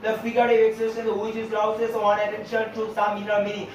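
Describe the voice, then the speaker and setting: A man teaching a class on figures of speech, speaking haltingly with many fillers and repeated phrases. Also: sits high, completely flat delivery, a little hiss or hum. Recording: echoey room, distant lo-fi mic.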